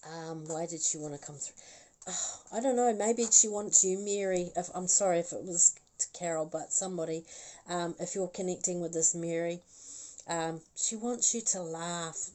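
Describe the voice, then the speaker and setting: Slow, mellow-voiced woman giving a psychic reading. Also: fairly low pitch, poor audio. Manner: chatty and rambling, laughs often, apologizes often. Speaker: psychic medium. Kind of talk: live online psychic reading.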